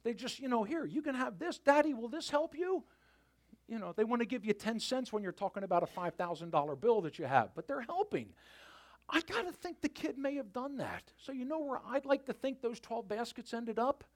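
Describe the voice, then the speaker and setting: Male pastor, sermon, high voice, very lively pitch, dramatic whispered asides. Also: fairly quick. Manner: animated storytelling, dropping to a quiet near-whisper for emphasis.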